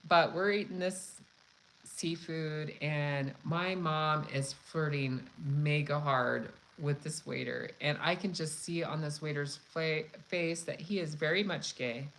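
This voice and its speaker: A woman's voice: low voice, takes it slowly, slight background noise, rough recording. Frank, foul-mouthed woman telling a story. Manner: frank, profane, animated. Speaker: cooking channel host. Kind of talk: casual live chat storytelling.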